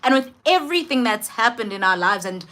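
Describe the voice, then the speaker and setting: A young South African woman telling an emotional personal story to her camera, emphatic and expressive, repeating phrases for weight. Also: a little high, a little fast. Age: young adult. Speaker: vlogger.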